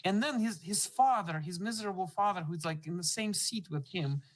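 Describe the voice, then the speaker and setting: A man hosting a conversation, telling a story with lively acted-out quotes and halting restarts. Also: high voice, low-quality recording. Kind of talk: conversational anecdote.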